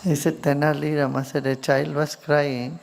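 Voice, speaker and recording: A man with an Indian accent, a spiritual teacher giving a slow, soft-spoken talk with stories, sometimes dropping to near-whispers. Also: fairly high pitch, flat delivery, gravelly.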